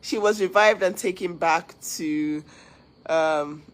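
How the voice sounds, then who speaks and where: A woman's voice: lowish voice, takes it slowly, poor audio. A woman hosting a casual livestream, talking earnestly to viewers, giving advice and thanking them. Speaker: livestream host.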